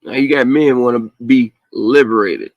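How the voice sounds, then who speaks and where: Dude ranting on a late night call-in show, heavy cussing, aave, medium voice, dry close mic. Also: male voice, medium pitch, normal speed, no room sound, dull audio. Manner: profane, animated ranting with laughs.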